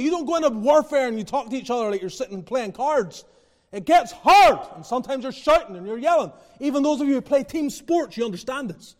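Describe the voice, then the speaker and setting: Male preacher with a high voice, passionate and emphatic, builds to shouts and drops to quiet asides. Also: lively intonation, fast. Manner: passionate, rising to near-shouting then dropping low; repeats phrases, chuckles. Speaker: pastor. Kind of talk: sermon.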